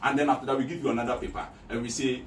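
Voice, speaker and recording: A man from Ghana speaks emphatically as a guest in a casual interview, repeating his points the way a campaigner would. His voice is mid-range with fairly even intonation, and he talks rapid-fire. The recording is noisy, with an echoey room and a distant mic.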